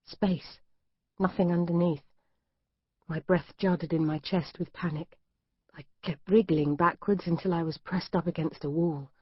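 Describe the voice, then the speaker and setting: A woman with a fairly low, breathy voice reads a thriller aloud at a measured pace, keeping her intonation fairly even through the tense first-person script. The audiobook is recorded in a dry, slightly dull studio with no room sound.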